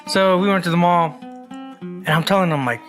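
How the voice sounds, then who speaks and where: A man's voice: high voice, normal speed, over music. A man co-hosting a casual podcast who tells crude stories in a rambling way, swearing freely and calling people "bro". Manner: laid-back rambling storyteller, says "bro" a lot, swears freely. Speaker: podcast co-host.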